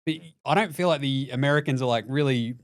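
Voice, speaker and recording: A man with an Australian accent hosting a sports podcast, chatting casually and fast, with frequent laughs. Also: mid-range voice. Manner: lively, fast-talking, laughs often. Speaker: podcast host.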